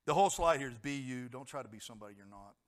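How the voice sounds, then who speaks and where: A man's voice: mid-range voice, animated, racing. A middle-aged man preaching a sermon in a conversational way, asking the congregation questions and acting out voices. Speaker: pastor.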